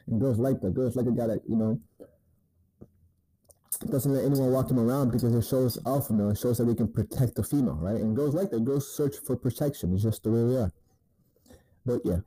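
A man's voice: medium pitch, warm tone, no room sound, rough recording. A man hosting a casual advice monologue, talking crudely and profanely and tacking "man" onto his sentences. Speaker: dating advice host.

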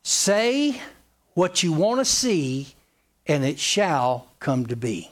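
A man with a high, sing-song voice preaches to his congregation. He swoops up and down through his pitch, drilling his points in with plain, homespun repetition. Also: sing-song, slow pace. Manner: emphatic, repetitive and folksy. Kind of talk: sermon.

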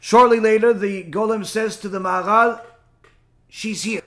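A man telling a folk tale aloud in a conversational, unhurried way, stopping now and then to explain terms. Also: high voice, steady tone, pushed and bright. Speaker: storyteller. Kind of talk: oral folk-tale storytelling.

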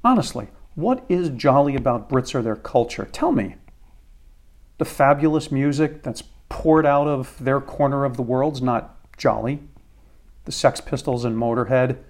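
A man's voice: medium pitch, measured pace. An American man hosting a podcast, delivering a crude, sarcastic comedic rant. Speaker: podcast host.

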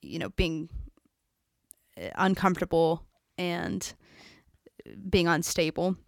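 A woman's voice: on the low side, steady tone, slow, vocal fry, no room sound, studio quality. A young woman co-hosting a podcast in casual chat, often laughing and quoting scenes. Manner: giggly, quotes scenes in bursts of laughter. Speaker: podcast co-host.

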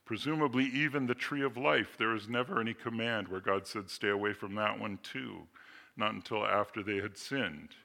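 A man preaching a sermon, explaining scripture with slow readings, asides and rhetorical questions. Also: fairly low pitch, fairly even intonation, vocal fry, sharp tone. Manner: expository teaching, reads scripture slowly, asides and rhetorical questions. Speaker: pastor.

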